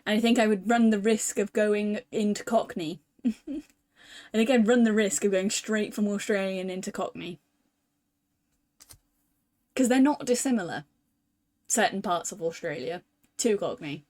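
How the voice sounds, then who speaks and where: A young woman from the UK chatting casually as a streamer while playing a visual novel, thinking out loud in a self-deprecating way. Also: mid-range voice, normal speed, long pauses. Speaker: VTuber streamer.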